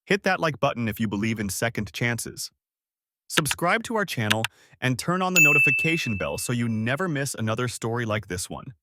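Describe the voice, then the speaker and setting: A man narrating a heartwarming family story in a smooth, scripted storytelling manner. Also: medium pitch, big pitch swings, brisk, heavy background noise.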